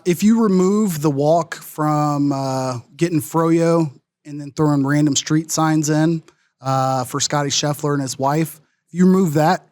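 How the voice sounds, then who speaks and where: A man's voice: on the high side, no room sound. A man co-hosting a sports podcast, talking in a rambling way, filling with "like" and "uh". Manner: rambling, lots of "like" and "uh". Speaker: podcast co-host. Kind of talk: casual sports chat.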